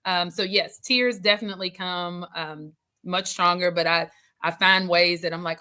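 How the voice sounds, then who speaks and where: A middle-aged woman judge tells stories from court in a relaxed interview, acting out what people said. Her voice is bright and forceful, sitting a touch low, with an animated, chatty delivery. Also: moderate pace, clear, resonant tone. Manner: animated storyteller, laughs often, acts out quotes. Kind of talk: casual interview conversation.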